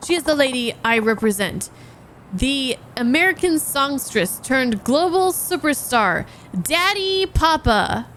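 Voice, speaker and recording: A woman voicing a polite, formal male secretary and bodyguard, speaking in a measured way while reading game dialogue. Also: high voice, big pitch swings, a bit bright, a little hiss or hum, exaggerated voice.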